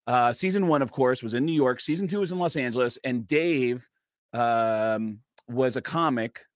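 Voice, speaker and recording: A man guest on a podcast, telling a story in a casual, lively way and jumping into voices. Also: medium pitch, normal speed, no echo, clean studio sound. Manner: lively, acts out voices, lots of fillers. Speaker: comedian guest. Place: podcast studio.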